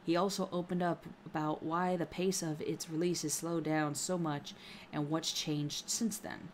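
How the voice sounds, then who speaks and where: A woman with a fairly low voice co-hosts a casual gaming podcast, reading news stories aloud. She stumbles over words and laughs at her own slips. A faint hiss of noise sits under the recording. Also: little pitch movement, unhurried.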